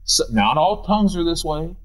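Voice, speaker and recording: A man's voice: fairly high pitch, big pitch swings, moderate pace, low-quality recording. A middle-aged man with a Midwestern American accent preaching a sermon from a church pulpit, with big swings in delivery. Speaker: pastor. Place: church sanctuary.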